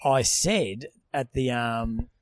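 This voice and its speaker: A man's voice: medium pitch, slow, dry recording. A young Australian man with an Australian accent, rambling and swearing as a podcast co-host in casual chat. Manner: rambling storyteller, swears freely.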